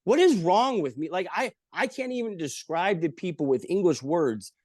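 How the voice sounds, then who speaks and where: A man telling stories in casual chat, lively and profane, acting out the people he quotes. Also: sits high, moderate pace, dry recording. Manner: animated, swearing, acts out quotes in voices. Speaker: podcast guest. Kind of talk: casual storytelling.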